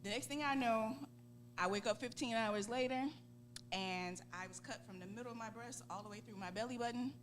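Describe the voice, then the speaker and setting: A woman in her forties with a Southern US accent, a guest on a talk show, telling a lively story and acting out voices. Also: on the high side, brisk. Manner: laughing, acts out voices in quotes. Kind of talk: animated storytelling. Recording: steady background hum.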